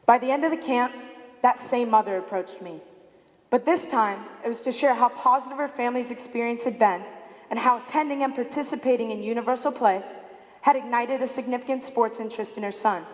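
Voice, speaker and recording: A woman in her late teens giving a prepared speech to an audience, telling a story with animated delivery and acting out quoted lines. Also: a little high. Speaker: student speaker. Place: large high school arena. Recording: echoey arena with long reverb.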